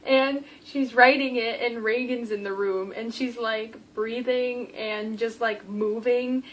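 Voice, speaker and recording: A young adult woman giving a casual book review vlog, gushing and animated, acting out the characters' lines. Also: a little high, slow, a little hiss or hum, rough recording.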